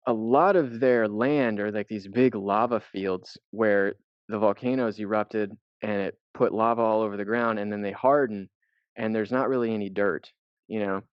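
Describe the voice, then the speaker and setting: A man's voice: on the low side, steady tone, normal speed, smooth, no echo. A man co-hosting a podcast. He tells a travel story in a loose, rambling way and swears casually. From United States. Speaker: podcast co-host. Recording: dull, dry lo-fi podcast audio.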